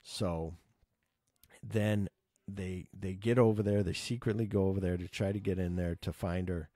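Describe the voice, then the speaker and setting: A man casually retelling his favorite film scenes, excited and swearing, acting out the characters' lines. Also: low-pitched, normal speed, dry recording, studio quality. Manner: enthusiastic, swears, acts out quotes. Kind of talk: casual movie recap.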